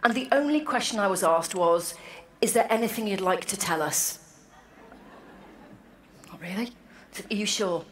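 A woman's voice: medium pitch, expressive, moderate pace. Woman telling wry stories in an echoey hall. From Wales. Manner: wry, self-deprecating storytelling. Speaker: speaker at an annual meeting. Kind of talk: anecdotal speech. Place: large hall, to an audience. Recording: echoey hall with faint room noise.

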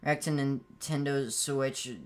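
Streaming a game, a man offers casual commentary, stammering and repeating words, and bursts into yelps and laughs when frustrated. His voice is medium-pitched with little pitch movement and a slow pace.

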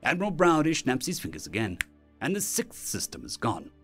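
A man's voice: medium pitch, wildly swooping pitch, brisk, a bit bright, breathy edge. A man narrating a science fiction story in a dramatic storytelling manner, with faint music behind.

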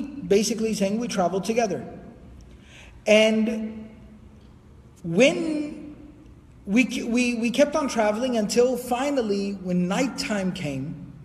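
Man, lecture, high voice, lively storytelling, reverb from a hall. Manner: lively storytelling, quoting Arabic then translating. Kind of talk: Islamic history lecture.

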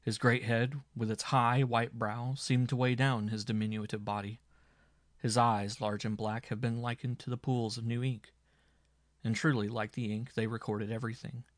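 A man narrating an audiobook in a measured, dramatic reading. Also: mid-range voice, little pitch movement, dry recording, studio quality. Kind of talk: scripted narration.

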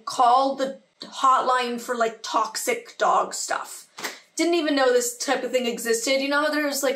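A young woman telling a personal story in a casual vlog, talking in an animated, tumbling way with many quoted reactions. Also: high-pitched, distant mic.

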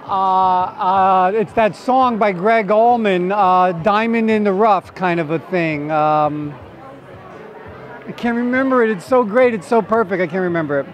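At an outdoor red carpet event, an actor guest with a high voice and a New Jersey accent gives an interview at a measured pace. He's playful, flirty and joking, while crowd chatter fills the background and the audio sounds dull.

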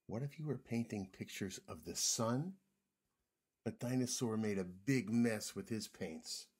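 Husky man reading a kids' book. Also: fairly low pitch, a little slow. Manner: gentle, expressive, with drops to a whisper. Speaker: children's book reader. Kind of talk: reading a picture book aloud to children.

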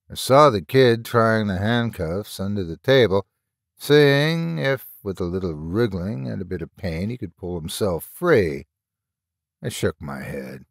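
A man narrating a horror story in a slow, drawn-out storytelling manner. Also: fairly low pitch, animated, gravelly, no echo, studio quality.

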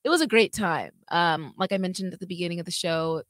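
A woman's voice: lowish voice, quick pace, dry recording. A woman news anchor co-hosting a casual chat, talking freely and laughing easily.

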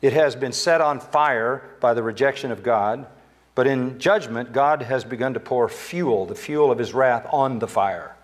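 An older man preaching a sermon in a church sanctuary, with emphatic delivery that climbs higher when he quotes Scripture. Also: measured pace. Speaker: pastor.

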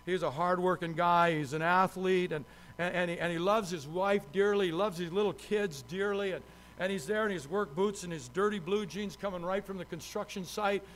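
A man's voice: high voice, normal speed, fairly bright tone. A man, a pastor, preaching a sermon with emphatic, repeated phrases.

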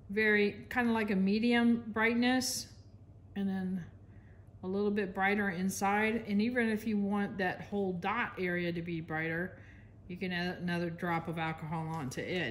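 A woman's voice: mid-range voice, steady tone, moderate pace. An American woman giving a casual, chatty painting demonstration, talking while she works and apologizing to viewers now and then. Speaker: art instructor.

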